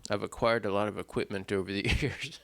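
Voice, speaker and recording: A man's voice: lowish voice, steady tone, a little fast, gravelly, a bit bright. A man, a singer-songwriter, talking casually between songs in a rambling, self-deprecating way, full of fillers and restarts, at a stand mic in a small home stage setup. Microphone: stand mic in front.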